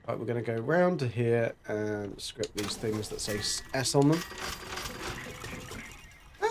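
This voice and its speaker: A man's voice: mid-range voice, background noise. A man streaming a video game, chatting casually and rambling with jokes and silly sound effects. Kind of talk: casual gameplay commentary.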